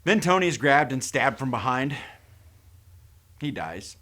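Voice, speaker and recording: A man's voice: medium pitch, sing-song, a little slow, pushed and bright. A man casually retelling a horror movie's plot as a reviewer, with sarcastic, incredulous asides. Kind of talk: casual plot recap and commentary.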